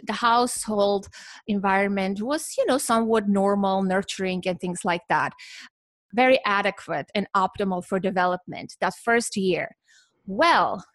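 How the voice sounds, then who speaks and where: Woman, podcast guest, measured explaining, dry close sound. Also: medium pitch, a bit bright, no echo. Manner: measured, explains with examples and lists.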